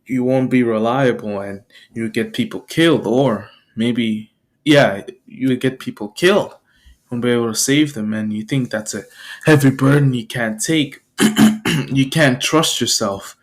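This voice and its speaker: A man's voice: mid-range voice, a little slow, pitched below the performer's own voice, natural voice. Big, hearty number-one hero giving fatherly advice, as a man puts him on in a fan story. The delivery is reassuring and chuckly, mostly in a mid-range man's voice close to the narrator's own. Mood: earnest. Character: top male superhero, big, hearty, mentoring.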